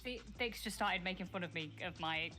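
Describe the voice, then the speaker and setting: A woman with a Northern English accent from near Sheffield, chatting casually on a livestream, blunt, sweary and quick to laugh. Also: lowish voice, bright, forceful tone, soft background music. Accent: Northern English, Sheffield area. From northern England, near Sheffield. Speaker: co-streamer guest.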